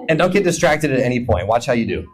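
A man's voice: mid-range voice, very animated, fast, poor audio. A man preaching a humorous sermon, acting out imagined prayers and conversations in playful voices. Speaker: pastor. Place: church hall.

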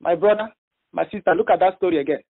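Male preacher, very high and husky, halting and emphatic, phone-line audio. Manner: halting, repeats himself, emphatic retelling. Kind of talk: sermon over a phone prayer line.

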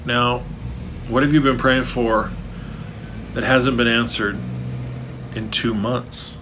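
Male pastor giving a sermon, earnest, gets emphatic, mid pitch, faint rumble underneath. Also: steady tone, slow. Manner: earnest, rising to emphatic preaching. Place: church, online service.

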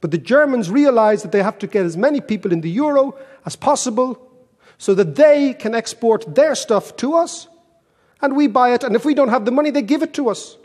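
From Ireland, this man gives a story-rich keynote, animated and brisk, poking fun at himself with a wry touch. His voice is fairly high for a man yet darkish in tone, echoing with the long reverb of a large hall.

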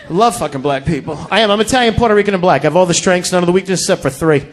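A male stand-up comedian doing a crude, profane club routine on stage, yelling his punchlines into a handheld mic. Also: sits high, expressive, racing, hardly any pauses, a little hiss or hum.

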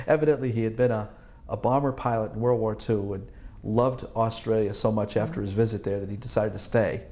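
A man's voice: on the low side, steady tone, normal speed, darkish tone. A man in his sixties from Boston, an Army veteran recalling his service in an oral history interview, rambling and chuckling with many fillers and restarts. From Boston, United States.

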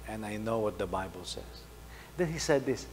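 A middle-aged man, preaching a sermon, telling a story and swinging between loud emphasis and soft asides. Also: fairly low pitch, expressive, moderate pace. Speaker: pastor. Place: church hall. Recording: faint hum, long hall reverb.

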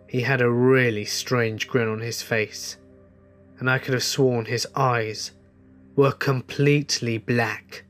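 Man, horror story narration, measured and tense, mid pitch, faint music underneath.

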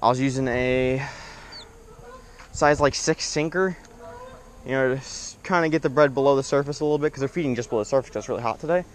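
A young man talks to his camera outdoors by a lake, excitable and rambling, and swears now and then. His voice sits at an average pitch. Faint background noise runs under the recording. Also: fast talker. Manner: excitable, swears when frustrated, rambling explanations. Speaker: angler filming his fishing trip. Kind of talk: casual outdoor fishing vlog.

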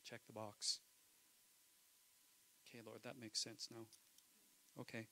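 Pastor preaching in church; bright, ringing man's voice, impassioned with quiet asides. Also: medium pitch, monotone, slow, a little hiss or hum, low-quality recording. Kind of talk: sermon.

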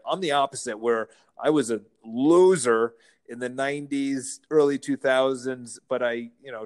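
A man, a real estate firm founder, telling animated anecdotes as a guest in a casual interview. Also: mid-range voice, clear, resonant tone. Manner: animated anecdotes, playful mimicking of others.

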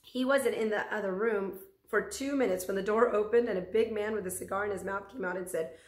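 A woman's voice: mid-range voice, steady tone, a little fast. Woman teacher reading a chapter book aloud. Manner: gentle, warm sign-off. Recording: echoey room.

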